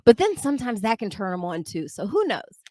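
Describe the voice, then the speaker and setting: A woman's voice: mid-range voice, big pitch swings, mellow, dry recording, studio quality. A young adult woman co-hosting a book club podcast, chatty and wry, trading jokes about the book. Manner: chatty, wry, quick to laugh at her own jokes. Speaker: podcast co-host. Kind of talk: casual book club chat.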